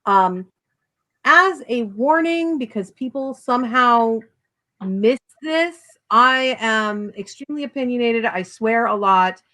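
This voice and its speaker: Animated woman author talking bluntly. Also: on the high side, slow pace, rough recording. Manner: blunt, animated, self-deprecating. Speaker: author guest. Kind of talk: casual video interview.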